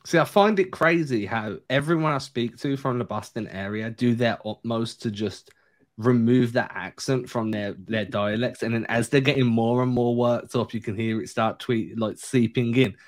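A man's voice: mid-range voice, normal speed. A man hosting a sports podcast, joking and bantering through a casual chat. He speaks with a non-American English accent. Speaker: podcast host.

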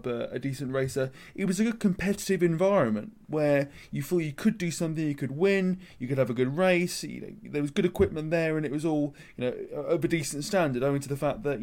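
A man's voice: on the high side, a little fast, few pauses, a little mellow. A man co-hosting a casual podcast, chatty and opinionated as he lays out the news. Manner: chatty, opinionated, presents the news then hands over. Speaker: podcast co-host. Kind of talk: casual motorsport discussion.

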